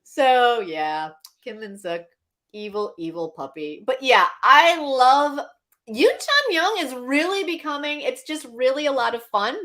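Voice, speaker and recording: Animated, laughing woman chatting. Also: high-pitched, measured pace. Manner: animated, laughing, acting out scenes with quoted voices. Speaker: podcast co-host. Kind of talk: casual chat.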